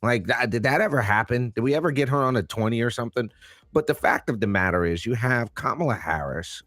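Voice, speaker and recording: A man co-hosting a podcast, talking in an animated, incredulous and slangy way. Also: mid-range voice, fast, no room sound, studio quality. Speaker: podcast co-host. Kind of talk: casual commentary chat.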